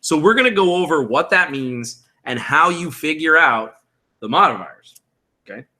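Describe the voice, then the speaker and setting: A man's voice: on the high side, animated, moderate pace, pushed and bright. A man in his thirties hosting a live-streamed tutorial, casually explaining tabletop game rules and answering chat.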